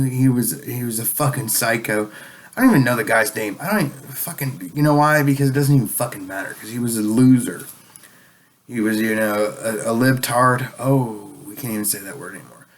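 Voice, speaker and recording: A man delivering a rambling, profane political rant as a vlogger, sounding a bit tipsy and sarcastic. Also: medium pitch.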